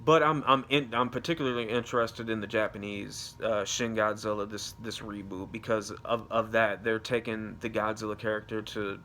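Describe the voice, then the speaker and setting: A man's voice: on the low side, flat delivery, normal speed, few pauses, pushed and bright, a little hiss or hum. A young man giving a casual, rambling movie review, swearing freely and trailing off into fillers. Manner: rambling, profane, loose and unscripted.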